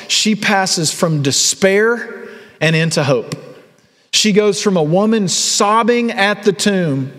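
A man's voice: high-pitched, fairly bright tone. A man in his thirties preaching a sermon as a pastor, telling a story and acting out the voices in it. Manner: storytelling, acts out quoted voices. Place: church hall. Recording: long reverb of a large hall.

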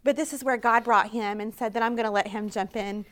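A woman's voice: fairly high pitch, steady tone, brisk. A woman telling her faith story at a conference, earnest and storytelling, quoting her own prayers. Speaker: conference speaker. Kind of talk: personal testimony talk.

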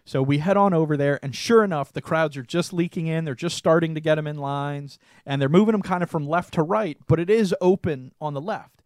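A young man co-hosting a podcast, telling a story in casual chat, animated and laughing often. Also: on the high side, brisk, few pauses, dry recording, clean studio sound. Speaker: podcast co-host.

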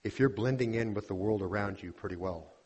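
A man's voice: fairly low pitch, fairly quick, darkish tone, slightly rough. A man preaching an earnest teaching sermon from a church pulpit, calling his listeners beloved as he explains scripture. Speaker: pastor. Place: church sanctuary.

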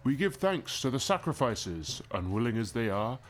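A smug, cruel high priest of a sun cult, put on by a man running a tabletop game. He preaches in a rolling, sanctimonious cadence with mockery underneath. Music plays softly behind him. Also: big pitch swings, normal speed, lightly acted. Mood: solemn mocking. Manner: sanctimonious, mocking sermon cadence. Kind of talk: acted tabletop game narration.

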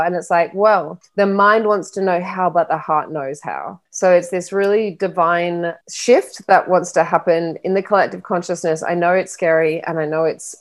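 A woman who works as a spiritual coach and medium, talking earnestly and reflectively in a relaxed interview. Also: fairly low pitch. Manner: earnest, reflective, slow and soft-spoken. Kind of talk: casual interview chat.

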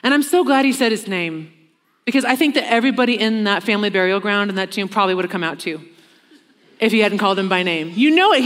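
A woman preaching a sermon in an earnest way, slowing down for emphasis and acting out the lines she quotes. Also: high voice, a bit bright. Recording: long reverb of a large hall.

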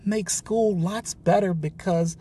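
A man's voice: fairly even intonation, takes it slowly, warm tone, a little hiss or hum. Man voicing a tearful pleading young girl. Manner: high pleading voice, begging.

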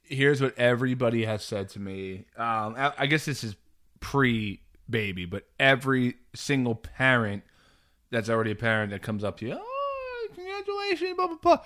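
A man's voice: medium pitch, moderate pace. A man in his thirties co-hosting a podcast, chatting casually and acting out quoted lines with a laugh. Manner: lively, laughs often, acts out quotes. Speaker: podcast co-host. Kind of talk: casual chat.

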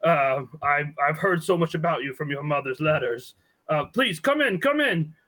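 A man's voice: on the high side, animated, normal speed, bright, forceful tone, pitched above the performer's own voice, poor audio. A man voicing an elderly blind cobbler who stammers, apologizes and gets flustered.

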